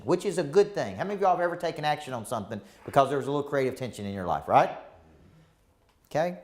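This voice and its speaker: A man coaching a group of real estate agents live, acting out quoted dialogue as he talks. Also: medium pitch. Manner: animated, acts out quoted dialogue. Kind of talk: live coaching session talk.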